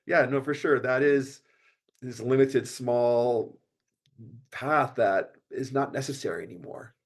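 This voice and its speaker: A man's voice: mid-range voice, slow. An American man speaking as a podcast guest in an earnest, flowing way. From United States. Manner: earnest, flowing, many "you know" fillers. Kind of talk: casual conversational podcast.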